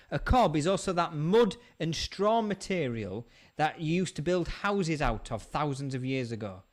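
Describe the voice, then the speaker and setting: A man with a West Yorkshire accent, hosting a casual online pub chat, bantering and laughing often. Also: medium pitch. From England. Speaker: host.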